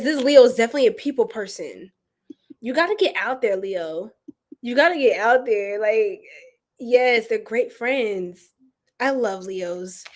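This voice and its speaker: A woman's voice: on the high side, darkish tone. Chatty woman doing a live tarot reading. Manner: chatty, affectionate, greets chat viewers; uses slang like y'all and boo. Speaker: tarot reader.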